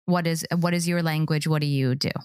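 A low-pitched woman chats on a casual parenting podcast, posing scenarios for her co-hosts. The recording is dry and close, with no room sound around her. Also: steady tone, brisk, darkish tone, clear, resonant tone, dry recording. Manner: chatty, acts out a scolding parent in a raised voice. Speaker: podcast co-host.

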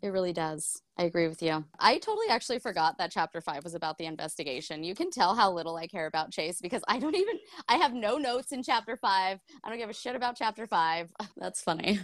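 A woman's voice: mid-range voice, lively intonation, fast talker, hardly any pauses, no echo, studio quality. A young woman co-hosting a book club podcast, candid and laughing often, swearing casually. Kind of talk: casual chat.

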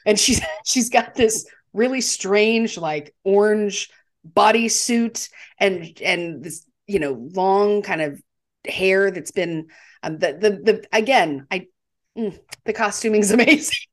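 A woman's voice: medium pitch, slow pace. A woman co-hosting a podcast, chatting casually as she retells scenes from a film, with fillers. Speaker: podcast co-host. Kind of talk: casual movie discussion.

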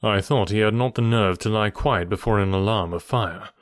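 A man voicing a composed, clever Victorian detective with a measured, dryly amused delivery in an audiobook. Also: lowish voice, no echo, clean studio sound, natural voice.

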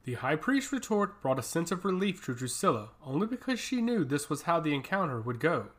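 A man narrating a fantasy story with a steady, dramatic reading. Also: on the high side, brisk.

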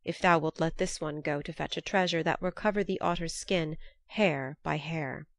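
Lady doing a solemn old god king, stern and stately, lowish, dry close mic. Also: normal speed, dry recording. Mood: grave. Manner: solemn, archaic speech. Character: grave old king of the gods, commanding. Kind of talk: storybook reading.

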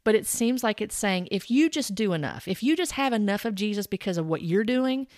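A woman's voice: mid-range voice, expressive, a little fast, darkish tone, dry recording, clean studio sound. Earnest woman giving Bible commentary. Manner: earnest and corrective, cites chapter and verse; addresses viewers directly. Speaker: Christian commentator.

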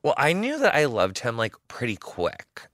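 A man's voice: medium pitch, wildly swooping pitch, moderate pace, a bit bright, no echo, clean studio sound. A man chatting as a podcast guest, telling rambling stories full of fillers and swearing. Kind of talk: casual chat.

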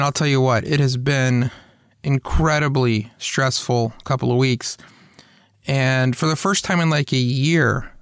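A man's voice: medium pitch, a bit bright, dry recording, clean studio sound. A man hosting his own podcast, chatting casually and self-deprecatingly, with lots of restarts and tangents. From Atlanta area, US. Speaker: podcast host. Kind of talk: casual monologue.

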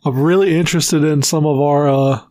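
A man co-hosting a podcast, an animated storyteller who swears freely in casual chat. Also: fairly high pitch, fairly quick, no room sound. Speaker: podcast co-host.

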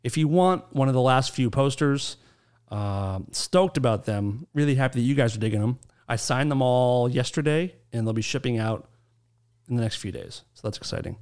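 A man's voice: medium pitch, expressive, moderate pace, darkish tone, clear, resonant tone. Sarcastic man hosting a casual podcast. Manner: joking, dry sarcastic banter. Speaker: podcast host.

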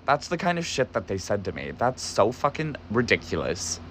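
A man's voice: on the low side, sing-song, moderate pace, fairly bright tone, slight background noise. A young man telling a story in a casual, agitated way, cursing often for emphasis. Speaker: podcast host, former barista.

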